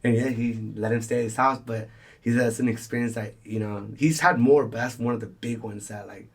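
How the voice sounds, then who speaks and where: A young man hosts a casual podcast in a mid-range voice with fairly even intonation, speaking a little fast. He rambles through a swear-filled story, acting out the voices of the people in it.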